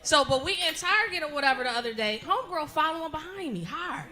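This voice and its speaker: A woman's voice: sits high, very animated, quick pace, bright, forceful tone. A woman in her thirties doing a brash, profane stand-up set on stage, laughing through her lines. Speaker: stand-up comedian. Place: comedy stage before a live audience.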